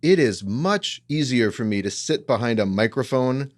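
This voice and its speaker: A man's voice: medium pitch, lively intonation, moderate pace. A man co-hosting a podcast, talking in a wry, reflective, self-deprecating way. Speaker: podcast co-host. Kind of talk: casual conversational podcast talk.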